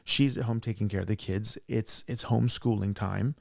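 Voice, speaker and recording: A man co-hosting a conversational podcast, with a gravelly voice of middling pitch. He tells his stories emphatically and with animation, and the sound is close and dry. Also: fairly even intonation, moderate pace, darkish tone, no room sound. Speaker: podcast co-host; practitioner who sees patients.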